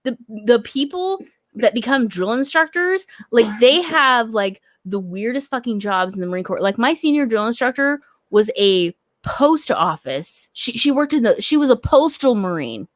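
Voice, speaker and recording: A woman's voice: fairly high pitch, animated, normal speed, no room sound, studio quality. A woman guest on a podcast, talking casually with frequent swearing and self-mocking asides. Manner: laughing, profane, self-deprecating. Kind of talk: casual chat.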